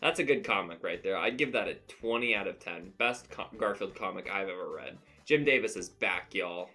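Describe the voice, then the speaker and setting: A man's voice: on the low side, animated, moderate pace, sharp tone, faint music behind. A man casually reviewing comic strips, rambling and laughing as he reads them out. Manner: rambling, laughs at his own reading. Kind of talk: casual commentary.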